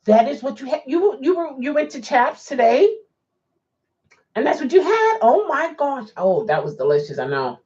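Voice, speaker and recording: A woman's voice: high voice, big pitch swings, moderate pace, dark tone. A woman chatting casually on a live stream as a rideshare driver, answering viewer comments and laughing often. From Baltimore. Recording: dull lo-fi sound.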